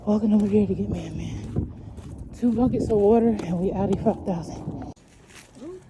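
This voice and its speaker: A woman in her thirties, a cowgirl and mother, chatting to viewers in a casual vlog, excitable and calling her audience y'all. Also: medium pitch, normal speed, noisy background. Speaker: vlogger, cowgirl. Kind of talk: casual vlog narration to camera.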